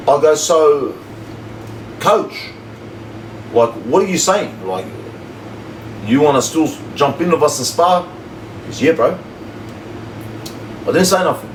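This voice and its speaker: A man, telling a story to his livestream viewers in casual, slangy chat. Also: fairly high pitch. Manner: animated, repetitive slangy storyteller. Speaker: livestream host. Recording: echoey room, slightly distant mic, faint hum.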